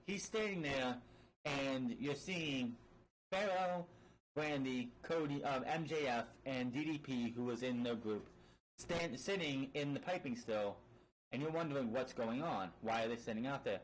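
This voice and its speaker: A man's voice: mid-range voice, a little slow, rough recording. A man casually recapping a wrestling match play-by-play, rambling with fillers and frequent swearing. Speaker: wrestling show reviewer.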